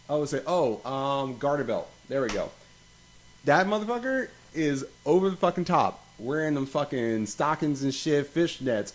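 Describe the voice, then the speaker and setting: A young man hosting a casual podcast, rambling and swearing as he tells animated stories. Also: a little high. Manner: profane, rambling, animated storytelling. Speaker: podcast host.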